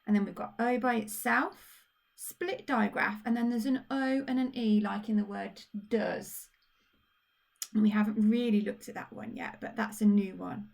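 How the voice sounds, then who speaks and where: A woman with a Birmingham accent, a primary school teacher recording a phonics lesson for young children, patient and encouraging, spelling out sounds slowly. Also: mid-range voice, fairly even intonation, creaky, a little mellow. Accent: Birmingham (Brummie).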